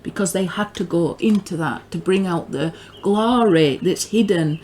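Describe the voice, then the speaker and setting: Earnest low-voiced northern English woman. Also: a little slow, slight background noise. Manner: rambling, repeats words, stumbles and restarts; earnest, grows excited. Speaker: religious teacher. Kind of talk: informal spoken teaching.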